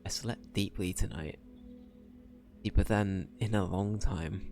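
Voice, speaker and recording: A man reading the lines of an anxious first-time adventurer softly, in his own low voice. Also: fairly even intonation, measured pace, creaky, music in the background. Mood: weary. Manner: quiet, subdued reading of game dialogue. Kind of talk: reading game dialogue aloud.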